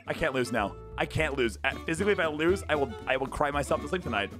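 A young man streaming a modded game and talking to his chat, frantic, repeating himself and often shouting. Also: a little high, expressive, fast talker, few pauses. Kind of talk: excited gameplay commentary. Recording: music playing clearly under the voice.

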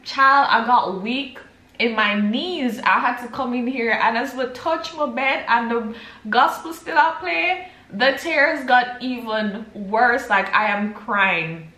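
A woman's voice: fairly high pitch, slow pace, bright, forceful tone. A young Jamaican woman chatting casually to her vlog audience at home, switching between patois and English. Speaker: vlogger. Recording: roomy echo.

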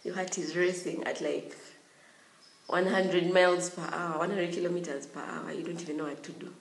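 A young woman telling a storytime vlog in a lively way, giggling often. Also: on the low side, normal speed, vocal fry, a little hiss or hum. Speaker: vlogger. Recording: roomy room echo.

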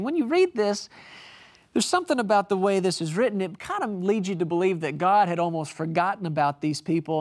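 A man's voice: high-pitched, animated, a little fast. Man preaching an emphatic television sermon. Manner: storytelling, rising to emphatic shouts on key words; reads scripture aloud between stories.

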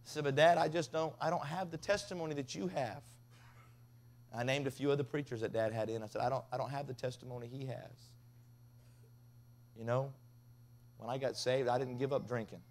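A man preaching a revival sermon, telling stories with big swings from loud to hushed. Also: mid-range voice, steady tone, a little fast, pauses often. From Tennessee. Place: revival tent.

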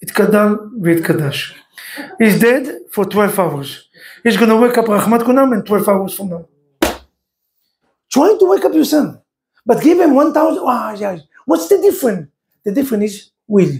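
An Israeli-accented man gives a sermon with a storyteller's flair, acting out the voices of the people he talks about. His voice is soft and dark, and his English is broken and lively. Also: high-pitched, normal speed. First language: Hebrew. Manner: animated, acts out dialogue, broken English. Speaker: rabbi.

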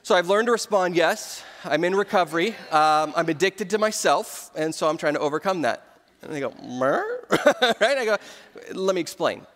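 A man's voice: sits high, moderate pace, fairly bright tone. A man in his thirties preaching a sermon as pastor, telling everyday stories with humor. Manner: storytelling with humor. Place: large church sanctuary. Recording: long hall reverb.

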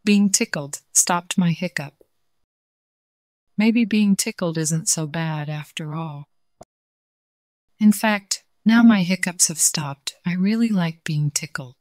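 A woman's voice: lowish voice, takes it slowly, long pauses, no room sound, studio quality. Woman doing a boastful cartoonish tiger. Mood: relieved. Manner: raised, lively voice with hiccups. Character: boastful male tiger who hates being tickled.

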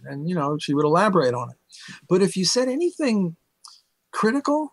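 A man's voice: on the high side, animated, brisk, no echo. An older man, an economics professor, telling stories as an interview guest, rambling with many fillers and laughs. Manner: rambling, self-correcting, frequent "uh" fillers, bursts of laughter. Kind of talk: casual storytelling interview.

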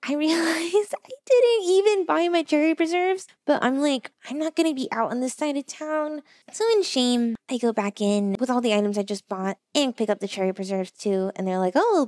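A young woman telling a casual storytime, animated and acting out other people's lines. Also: high-pitched, dry recording, clean studio sound. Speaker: vtuber storyteller.

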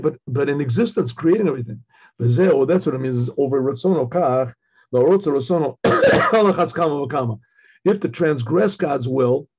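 Husky older man teaching Torah. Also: on the high side, a little mellow, muffled recording. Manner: halting, repeats words, clears throat often. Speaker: rabbi teaching. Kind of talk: Torah class, storytelling sermon.

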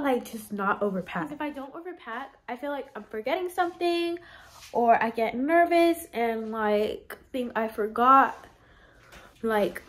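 A young woman vlogging in a casual, chatty way, rambling with lots of "like" and "um", her nose stuffy and congested. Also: high-pitched. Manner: chatty, gushing, rambling with many likes and ums. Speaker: lifestyle vlogger. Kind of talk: casual chat. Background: loud music.

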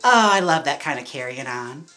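A woman's voice: rumbling low, expressive, moderate pace, bright, forceful tone, faint music behind. A woman hosting a casual livestream while styling a wig. She is chatty and giggly and says "like" a lot. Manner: chatty, giggly, heavy use of "like".

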